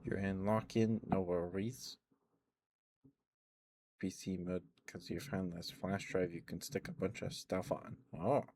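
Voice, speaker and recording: A tired, worn-out man rambling softly and chuckling often, chatting sleepily to his stream viewers up close to the mic. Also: low voice, little pitch movement, a little slow, slight background noise. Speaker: ASMR streamer. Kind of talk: sleepy ASMR chat to live viewers.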